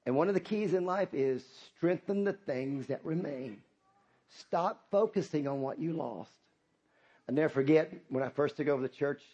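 A man's voice: mid-range voice, warm tone, breathy edge, muffled recording. A middle-aged man, preaching a sermon as pastor, impassioned and repetitive, calling out to the congregation.

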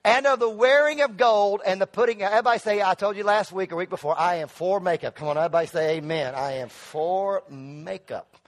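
A middle-aged male pastor preaching a sermon in church, calling on the congregation to answer back and building to loud emphatic peaks. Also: sits high, quick pace, few pauses. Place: church sanctuary.

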